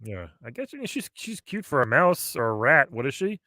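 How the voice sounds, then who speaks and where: A man in his forties hosting a retro gaming chat, enthusiastic and quick to laugh. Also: mid-range voice, very animated, pushed and bright, no room sound, studio quality. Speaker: podcast host. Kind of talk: casual chat.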